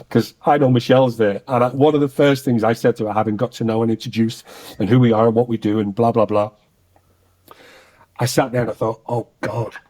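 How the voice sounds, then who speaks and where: A man, an actor and singer, telling a personal story in a conversation and acting out the voices he quotes. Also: mid-range voice. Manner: animated storyteller who acts out quoted voices.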